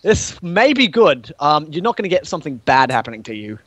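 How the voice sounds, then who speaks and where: A man narrates a tabletop game session as game master, his voice swinging widely in pitch and sitting a little high. He swears freely and laughs often. The sound is dry and close. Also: big pitch swings, a little fast, fairly bright tone, no room sound.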